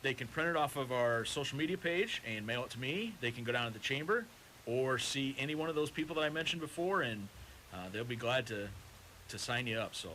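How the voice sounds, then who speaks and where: A man's voice: mid-range voice, expressive, a little fast, bright, forceful tone, a little hiss or hum. A man who volunteers with a local baseball association, chatting as a radio guest in an upbeat, promotional way. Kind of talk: casual radio chat.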